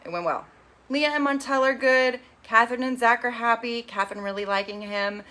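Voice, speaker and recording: A young woman hosts a laid-back TV recap in a bright, clear, fairly high voice with little pitch movement. Chatty and sarcastic, she drops into quick impressions of the people she quotes.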